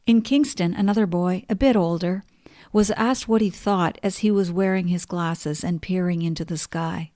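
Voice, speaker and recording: A middle-aged woman hosting a podcast, telling stories and reading passages in a calm, measured way. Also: fairly low pitch, no room sound, clean studio sound. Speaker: podcast host. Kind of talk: reflective spoken essay, reading quotes aloud.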